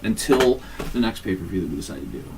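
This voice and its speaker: Animated, profane man on a distant mic. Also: on the low side, fast. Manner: profane, animated, mimics voices mid-story. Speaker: podcast co-host. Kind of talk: casual chat. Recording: distant mic, faint room noise.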